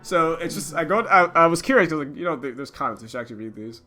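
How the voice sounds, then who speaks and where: A man's voice: a little high, fast talker, soft background music. A man hosting a casual stream, reading silly forum comments aloud with mocking laughs. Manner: laughs a lot, mocking and animated. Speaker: stream host.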